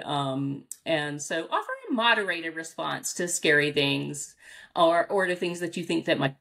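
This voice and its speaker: An American woman, a dog trainer, answering interview questions in a casual, animated way, acting out reactions with big jumps in pitch and laughing often. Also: unhurried, vocal fry. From United States. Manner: frequent fillers and restarts, laughs often.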